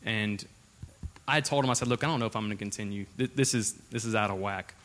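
A man's voice: fairly low pitch, fast, fairly bright tone. A young man preaching an informal sermon, telling a personal story in an earnest, conversational way before reading scripture aloud.

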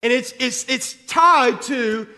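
A male pastor with a notably high voice teaches from scripture, reading verses aloud and explaining them point by point. He keeps checking in with "okay?" as he goes. His voice carries a long reverb, like a big room. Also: slow pace, sharp tone. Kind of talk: sermon.

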